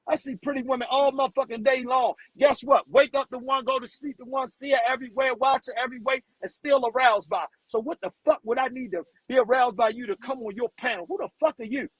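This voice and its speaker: Man with a very high voice, live stream host, heated profane rant, dry close sound. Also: quick pace, hardly any pauses, a bit bright, breathy edge, dry recording, poor audio. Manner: profane, blunt, repeats words when riled.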